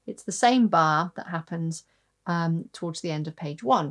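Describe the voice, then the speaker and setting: A woman's voice: fairly low pitch, lively intonation, normal speed, over music. A woman giving an online harp lesson, patient, counting aloud and singing out rhythms as she explains. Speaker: harp teacher. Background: harp playing.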